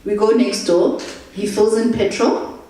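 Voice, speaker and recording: A young woman telling travel stories in a lively, laughing way, acting out the people she meets. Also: mid-range voice, a little slow. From South Africa. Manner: animated, laughs through anecdotes, acts out quotes. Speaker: storyteller. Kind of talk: casual travel storytelling. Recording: echoey room, distant mic.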